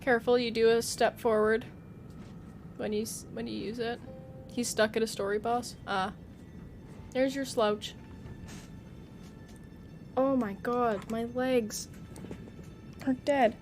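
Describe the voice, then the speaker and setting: A woman's voice: fairly high pitch, fairly even intonation, slow pace, long pauses, a little mellow, faint music behind. A young woman streaming a game, chatting playfully with her viewers and teasing the character on screen. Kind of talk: live gameplay commentary.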